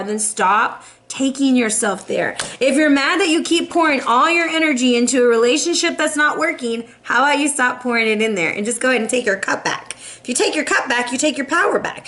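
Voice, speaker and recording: Young woman, high voice, tarot reader, sassy and playful, laughs a lot. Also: lively intonation, brisk, fairly bright tone. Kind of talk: casual tarot reading.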